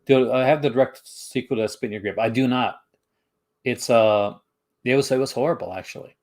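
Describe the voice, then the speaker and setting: A man's voice: medium pitch, fairly quick, a little mellow. Male livestream host, casual and rambling, answering his chat. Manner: rambling, many fillers and restarts.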